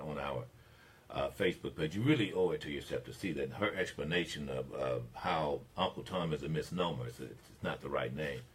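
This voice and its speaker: Emphatic older radio host. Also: male voice, husky. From Mississippi. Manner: emphatic, preachy, swings between low asides and loud declarations. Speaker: radio talk show host. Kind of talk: opinionated talk radio monologue.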